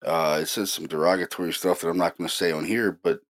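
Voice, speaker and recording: Casting: deep-voiced male host, casual storyteller, animated and excited, filler-heavy. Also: quick pace. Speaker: paranormal investigator host.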